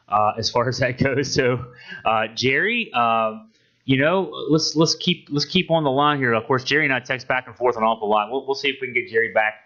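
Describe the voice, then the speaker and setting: A man's voice: medium pitch, brisk, bright, forceful tone. A man hosting a casual sports podcast, rambling with many restarts and fillers. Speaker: podcast host. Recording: dull lo-fi audio.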